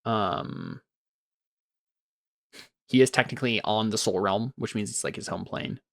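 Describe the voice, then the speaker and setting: A man's voice: lowish voice, lively intonation, a little slow, creaky, no echo, clean studio sound. A young man running a tabletop game as game master, thinking aloud and laughing often.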